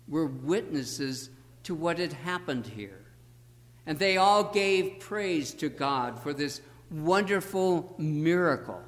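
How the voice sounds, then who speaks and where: Man, pastor, sermon, deliberate emphatic pauses, unhurried, echoing sanctuary. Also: a little high, fairly bright tone.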